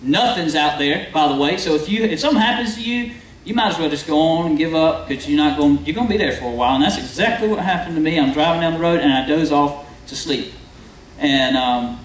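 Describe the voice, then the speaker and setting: A young man preaching a sermon, telling a story in a chatty way and asking the crowd questions. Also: fairly high pitch. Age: young adult. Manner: conversational storytelling, addresses the crowd. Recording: echoey hall from far off, faint noise.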